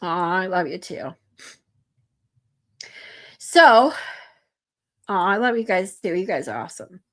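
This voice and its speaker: A woman streamer talking to her chat in a casual live stream, earnest and heartfelt, often halting and restarting her sentences. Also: on the low side, expressive, fairly bright tone.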